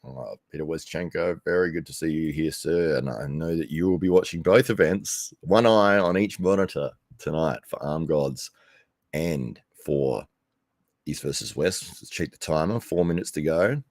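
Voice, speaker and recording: This is a bass-voiced Australian man with a darkish tone, talking at a moderate pace on a live commentary stream. He speaks into a desk microphone, no headphones, and the studio-quality sound has no room tone. Casual and rambling, he laughs often and corrects himself mid-thought.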